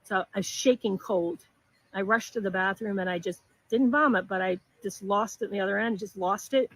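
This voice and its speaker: Middle-aged woman, personal storytelling, earnest, halting restarts, dry close sound. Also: mid-range voice, a bit bright, dry recording, rough recording.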